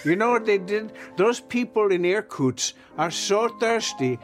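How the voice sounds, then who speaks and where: A man hosting a comedy podcast, mixing cocktails while delivering deadpan mock-salesman banter. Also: high voice, a little slow, over music. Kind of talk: comic bartending banter.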